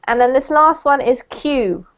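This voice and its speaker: A woman's voice: high-pitched, expressive, unhurried, fairly bright tone. A woman teaching English in an online lesson, explaining words patiently and checking understanding with little questions. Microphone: video call. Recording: muffled video-call audio.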